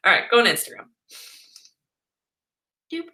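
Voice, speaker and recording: A woman's voice: a little slow, pushed and bright. A young woman vlogger chatting casually and playfully as she answers viewers' questions. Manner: chatty and playful, jokey asides. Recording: echoey room.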